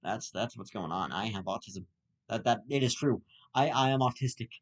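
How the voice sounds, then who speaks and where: A man's voice: lowish voice, moderate pace. Stammering young man ranting. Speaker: host. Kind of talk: rambling comedic monologue.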